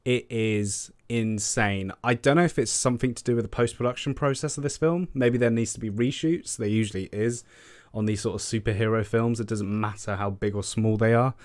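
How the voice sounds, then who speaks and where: A man vents in a casual rant, exasperated, swearing freely and circling back over his own words. His voice sits a little low. The sound is close and dry, with no room around it. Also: brisk, a little mellow, dry recording. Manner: exasperated, swears often, repeats himself. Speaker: film news vlogger. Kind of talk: casual ranting commentary.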